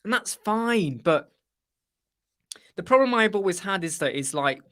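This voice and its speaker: A man's voice: sits high, expressive, measured pace, pushed and bright. Chatty man hosting a live stream. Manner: chatty, rambling, mimics other people's voices in anecdotes. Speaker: host of a live web chat. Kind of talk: casual live-stream chat.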